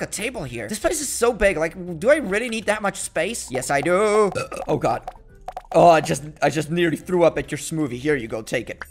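Young guy, high voice, playful gaming commentary, excitable and bossy. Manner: excitable, jokey, bossy toward game customers. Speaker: gaming YouTuber. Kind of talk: casual gameplay commentary.

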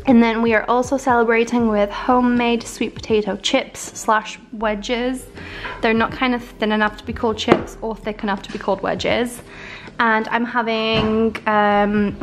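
A woman's voice: a little high, rough recording. Bubbly chatty young woman vlogger. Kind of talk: casual vlog chat to camera.

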